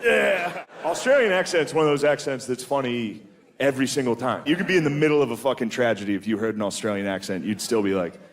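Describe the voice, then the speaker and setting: A man's voice: medium pitch, quick pace, slight background noise. A man doing crude stand-up comedy, laughing at his own jokes and saying "dude" a lot. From United States.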